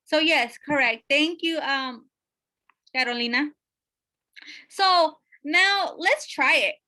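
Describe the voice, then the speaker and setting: A woman teaching a math lesson, asking her students questions and often pausing with fillers. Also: sits high, bright, forceful tone. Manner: checks in with questions, many fillers.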